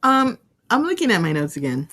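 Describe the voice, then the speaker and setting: A woman's voice: fairly high pitch, wildly swooping pitch, brisk, a bit bright. A woman co-hosting a podcast in a casual, teasing chat. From United States. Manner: laughs often, teasing. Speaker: podcast co-host.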